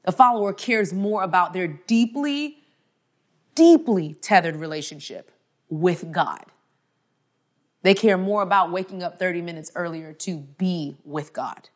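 A woman's voice: on the low side, a little slow. A woman in her thirties giving a conference talk, telling a personal story with humor and preaching with strong emphasis. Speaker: speaker.

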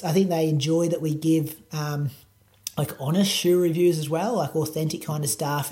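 Speaking in a fairly high, mellow voice, this Australian running-podcast producer and coach rambles through a relaxed interview. His easygoing talk is packed with filler words.

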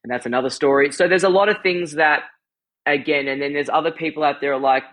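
A man's voice: fairly high pitch, quick pace, highs cut off. A man co-hosting a podcast in casual conversation, telling stories animatedly, acting out quotes and laughing often. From European family background. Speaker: podcast co-host.

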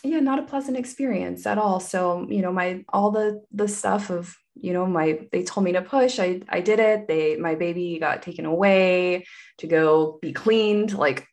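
A woman's voice: fairly low pitch, moderate pace, a little mellow. A woman guest telling a personal story in conversation, candid and meandering, with many asides.

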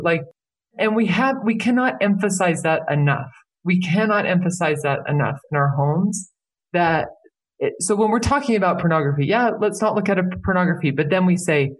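Earnest middle-aged woman guest, animated, emphatic, conversational. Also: on the low side, normal speed. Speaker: podcast guest, parenting expert. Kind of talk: casual conversation.

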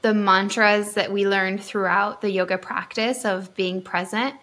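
Woman podcast host; casual, encouraging, quick to affirm the guest. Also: mid-range voice, fairly even intonation. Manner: warm and encouraging, enthusiastic affirmations. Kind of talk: casual interview chat.

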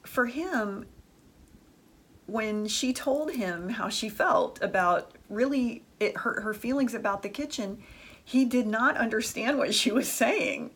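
Slow-paced and fairly high, this woman's voice is fairly bright with a slight roughness. She's a dating advice speaker talking frankly about her friends' stories, peppering her chatter with "like" and "the truth is."

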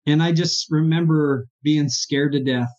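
A man with a voice pitched a bit high speaks as an interview guest, earnest and halting as he tells his story, often stumbling over his words with feeling. The recording sounds dull and lo-fi. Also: steady tone, a little mellow. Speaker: guest, therapist.

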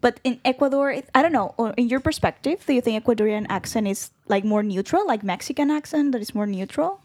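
A woman's voice: a little high, quick pace, darkish tone. A South American woman whose first language is Spanish, patiently explaining words in English on a casual podcast. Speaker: podcast guest, Spanish tutor. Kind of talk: casual chat.

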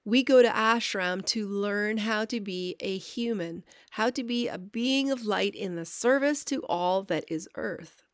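A woman, a longtime student, calmly reading a scripted introduction for a spiritual podcast. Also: medium pitch, measured pace, dry recording, studio quality. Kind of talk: scripted narration.

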